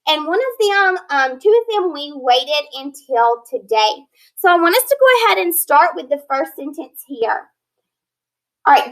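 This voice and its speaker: A woman teacher leading a phonics lesson, sounding out words slowly and clearly, patient and encouraging. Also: sits high, fairly bright tone, low-quality recording. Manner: slow, clear modeling of words.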